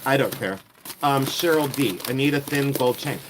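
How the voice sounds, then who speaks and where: Picture an excitable man from Ohio hosting a live stream, chatting away with his viewers. He repeats himself and teases them as he shows off his finds. His voice sits at an ordinary pitch for a man. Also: normal speed, noisy background. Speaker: reseller livestream host. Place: outdoors in the heat.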